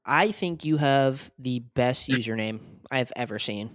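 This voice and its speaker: A podcast host giving a casual, hyped outro full of plugs, talking effusively with big jumps in pitch. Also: unhurried, dry recording.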